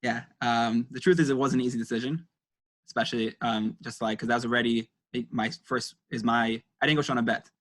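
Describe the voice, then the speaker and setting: A young man who talks quickly as a guest in a casual interview. His voice sits at an average pitch for a man, and he answers thoughtfully, with frequent ums and likes. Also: steady tone, a bit bright. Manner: quick, thoughtful, many fillers.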